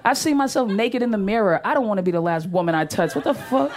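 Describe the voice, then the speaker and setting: A young woman works a stand-up set on a club stage, loud and brash, swearing freely and chuckling at her own punchlines. Her voice sits at an ordinary middle pitch for a woman. Faint room noise from the live show hangs behind her. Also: lively intonation, fast talker. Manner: brash, profane, laughing through punchlines. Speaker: stand-up comedian. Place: comedy club stage with audience.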